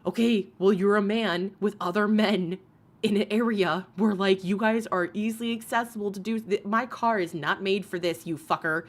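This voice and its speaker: With a medium-pitched, steady voice at a normal pace, a woman runs a casual live commentary stream. She's profane and quick to laugh, reading viewers' comments aloud as she goes.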